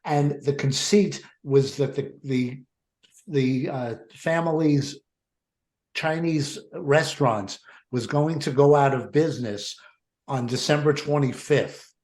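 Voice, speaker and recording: A man's voice: medium pitch, slow pace, darkish tone. Man telling ironic stories in an echoey room. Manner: storytelling, ironic asides. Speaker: comedy panelist. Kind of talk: casual anecdote telling. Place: home, on a video call.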